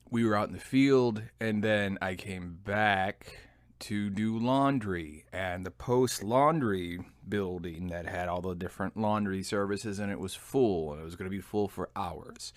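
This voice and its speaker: A man in his thirties, an army veteran, telling his own story as a podcast host in a relaxed, self-deprecating way. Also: low voice, unhurried, no room sound, studio quality. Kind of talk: personal memoir storytelling.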